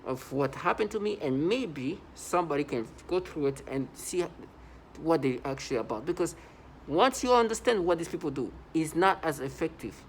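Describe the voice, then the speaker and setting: A man with a fairly high voice talks straight to camera in an urgent monologue. He keeps circling back with "like" and stacks up emphatic points. A faint hum of noise sits under his voice. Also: animated, moderate pace, rough recording. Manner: urgent, repetitive, heavy use of "like". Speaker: vlogger. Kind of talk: first-person video monologue.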